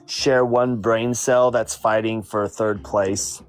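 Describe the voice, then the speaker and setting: A man chatting casually on a live panel, relaxed and joking as he signs off. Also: lowish voice, slow pace, smooth.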